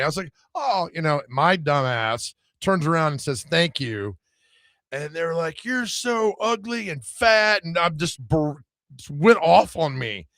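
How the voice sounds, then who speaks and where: A man co-hosting a sports radio show, hoarse from screaming, telling animated, self-mocking stories. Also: medium pitch, dry recording, studio quality. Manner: animated storyteller, laughs at himself. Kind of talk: casual sports radio banter.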